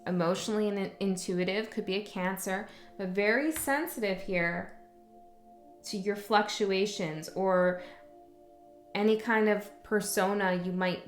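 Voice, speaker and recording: A woman's voice: medium pitch, fairly even intonation, a little slow. Chatty woman in an echoey room. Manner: chatty, frank, checks in with "okay?". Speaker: tarot reader. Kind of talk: casual spoken tarot reading. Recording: roomy echo, faint music.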